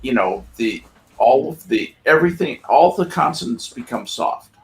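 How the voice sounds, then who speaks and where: Gravelly-voiced man with lively pitch. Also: moderate pace. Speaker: podcast panelist. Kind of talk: casual chat.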